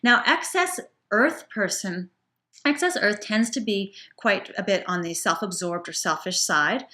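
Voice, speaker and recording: A woman teaching acupuncture students in a relaxed, chatty lecture, often restarting her sentences. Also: medium pitch, a little slow. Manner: chatty, warm, self-correcting with frequent restarts and small laughs. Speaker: acupuncture instructor.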